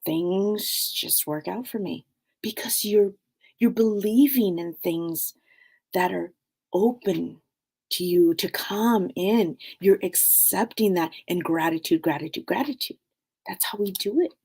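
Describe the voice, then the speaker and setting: A middle-aged woman hosting a spiritual talk show, speaking in a meandering, casual way full of fillers, often sinking to a soft hush. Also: mid-range voice, measured pace, husky.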